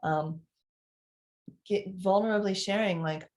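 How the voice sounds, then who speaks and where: A middle-aged woman coaches parents in a casual live talk, her voice sitting a little low. She talks in an animated way with fillers and restarts. She acts out quoted moments as she goes. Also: fairly quick.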